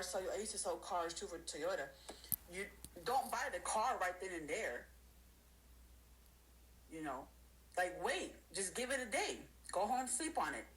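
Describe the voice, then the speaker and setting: A woman's voice: lowish voice, animated, moderate pace, slight background noise, rough recording. A woman giving motivational advice in a folksy, streetwise way, often acting out the people she talks about. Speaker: guest speaker. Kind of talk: motivational talk on a live stream.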